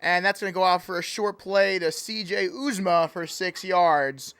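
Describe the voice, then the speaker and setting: A man's voice: sits high, normal speed, a bit bright, clean tone, no room sound. A man calling play-by-play in a joking mock sports broadcast, playful and easily sidetracked. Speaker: play-by-play commentator.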